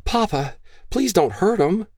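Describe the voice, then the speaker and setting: A man's voice: high voice, animated, a little slow, a little mellow, husky, no echo, clean studio sound, voice pushed up, heavily acted. A man doing a pleading, frightened young woman.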